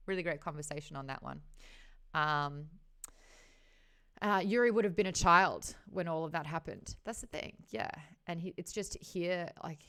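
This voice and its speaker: Woman, Australian accent, book club host, casual chat, smooth clear voice, lively retelling. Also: fairly low pitch, normal speed. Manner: animated, acts out characters' lines while retelling scenes.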